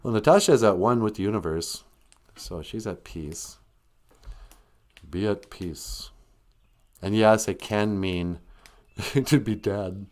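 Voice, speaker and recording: A man's voice: lowish voice, slow, pauses often, a little mellow. A man hosting a casual, comedic live stream, telling stories and teaching words in a jokey way, laughing often.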